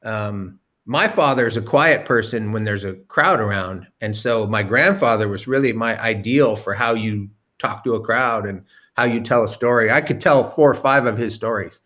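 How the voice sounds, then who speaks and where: A man telling a self-deprecating story in casual chat, animated and a bit profane. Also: lowish voice, moderate pace. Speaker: guest storyteller.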